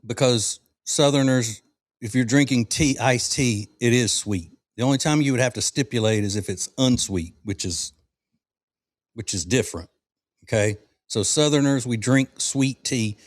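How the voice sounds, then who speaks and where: A man's voice: mid-range voice, no echo. Folksy man with a dry close sound. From American South. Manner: rambling, folksy, halting with fillers. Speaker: podcast host. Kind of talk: casual cigar-smoking chat.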